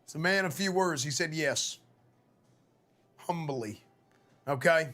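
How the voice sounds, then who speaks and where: Hoarse guy yelling coach pep talk on stream, high bright voice, swears a lot. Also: slow pace. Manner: loud, profane, rallying. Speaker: streamer playing a football coach. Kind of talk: mock locker-room pep talk, live gaming stream.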